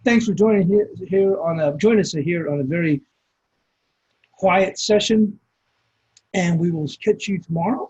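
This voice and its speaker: A man's voice: on the high side, a little mellow, breathy edge, lo-fi sound. A man hosting a trading webinar, giving loose, rambling market commentary over a shared screen with many fillers and restarts.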